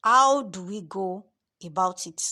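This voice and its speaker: A woman tutor giving a screen-share lesson, repeating herself and stressing key words slowly. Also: mid-range voice, sharp tone.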